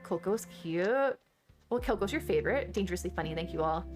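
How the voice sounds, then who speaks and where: A woman's voice: lowish voice, a little fast, soft background music. A woman from Texas, chatting casually with her viewers and answering chat during a game stream.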